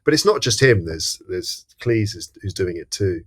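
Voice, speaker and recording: A man co-hosting a casual film podcast with a fairly low voice. He works through his opinions thoughtfully, pausing often with fillers and restarts. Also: very animated, breathy edge. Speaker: podcast co-host.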